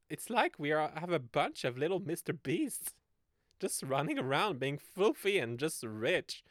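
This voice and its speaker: 20s guy rambling on his podcast, keeps giggling, talks slow and drawn out. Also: fairly high pitch, sing-song, a bit bright, no echo, clean studio sound. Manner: rambling and giggly, laughing often mid-sentence. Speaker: podcast host. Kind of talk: casual solo podcast chat.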